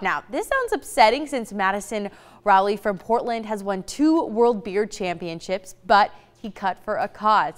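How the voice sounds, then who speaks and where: A woman's voice: mid-range voice, clear, resonant tone. Chatty woman anchoring morning news. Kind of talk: morning news, casual chat.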